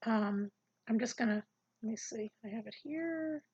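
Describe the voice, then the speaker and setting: Her voice is on the high side, husky and darkish in tone, moving at a moderate pace through a casual, earnest Bible lesson aimed at the camera. The audio is dull, and her conversational delivery is full of repeated words as she works out what comes next.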